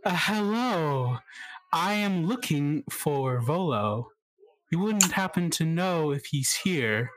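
A man putting on a tall, drifting, fire-colored being who speaks slowly and serenely in a tabletop game. Each word is unhurried and gentle, a touch higher than his own voice. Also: lively intonation, low-quality recording. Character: tall, flowing, fiery spirit-like being, serene.

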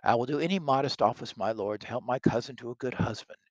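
A man's voice: mid-range voice, quick pace, no echo, dull audio, pitched above the performer's own voice, natural voice. A man reading a modest young noblewoman.

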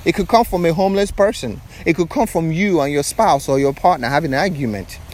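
A man speaks outdoors on a beach, delivering a preachy spiritual talk in a voice a touch higher than most men. He keeps circling back with repeated rhetorical questions. A faint hum of boats carries in the background. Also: brisk, darkish tone. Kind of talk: motivational spiritual monologue.

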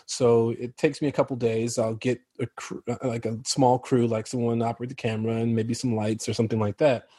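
An American man with a husky, slightly rough voice tells stories in a relaxed interview chat. His pitch sits in the middle range, and he laughs often as he talks. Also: brisk, hardly any pauses, no echo. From Chicago, United States. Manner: animated storyteller, laughs often. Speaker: actor guest.

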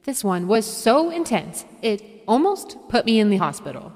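Woman doing a cheesy male awards host, bouncy lively delivery, echoey room, faint music behind. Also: a little high, normal speed. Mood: hammy. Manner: hammy showbiz patter.

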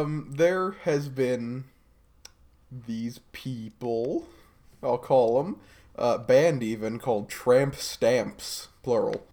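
A male co-host talks casually at an even, middling pitch. His commentary is wry and dry. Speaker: podcast co-host. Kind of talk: casual chat.

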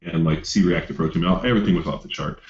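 A man's voice: low voice, steady tone, fast talker, darkish tone. A man coaching athletes, rambling through a story in casual chat with lots of fillers and swearing. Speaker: coach telling a client story. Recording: dull lo-fi sound.

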